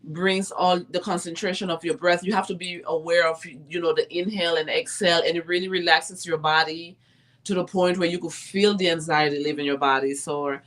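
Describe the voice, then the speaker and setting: A woman's voice: on the low side, steady tone, fairly quick, fairly bright tone. A woman talking casually and reflectively about her spiritual practices, with many fillers. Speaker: podcast co-host. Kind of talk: casual conversation.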